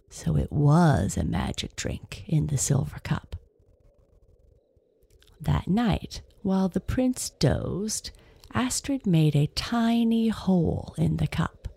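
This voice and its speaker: A woman gently narrating a fairy tale as a storybook reader. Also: sits low, very animated, slow, gravelly, breathy edge, no room sound.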